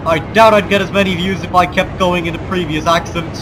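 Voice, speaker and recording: A let's play commentator with a Balkan accent under a forced American one speaks fairly quickly in a high, level voice. He offers jokingly grand war oratory and wry asides as loud game ambience and engine sounds fill the background.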